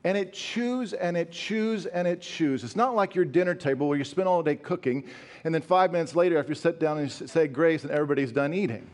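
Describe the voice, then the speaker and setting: Male pastor, middle-aged, from rural Colorado; high-pitched, emphatic, repetitive sermon delivery with questions to the room. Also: a little fast, a little mellow. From northeastern Colorado. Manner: emphatic, repeats phrases, asks the congregation questions.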